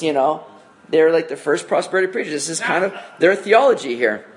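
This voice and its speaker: A man leading a Bible study with a fairly high, light voice. He explains scripture in a relaxed, chatty way and reads passages aloud, checking in with rhetorical questions as he goes. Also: brisk. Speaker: Bible teacher. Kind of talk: conversational Bible study teaching.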